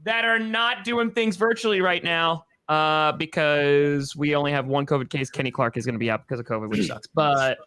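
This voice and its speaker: A young man co-hosting a sports podcast in quick, joking, casual chat. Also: on the high side, bright, forceful tone, clean tone. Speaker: podcast co-host.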